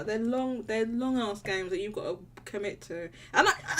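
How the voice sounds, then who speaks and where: A woman's voice: medium pitch, normal speed, few pauses, recorded from a distance. A woman hosting a casual call-in stream, laughing often and restarting her sentences. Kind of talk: casual chat.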